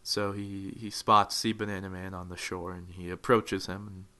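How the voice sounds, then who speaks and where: A young man giving mock-dramatic motivational narration for a gaming video, swelling into loud, fervent peaks. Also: low-pitched, little pitch movement, normal speed. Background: faint music.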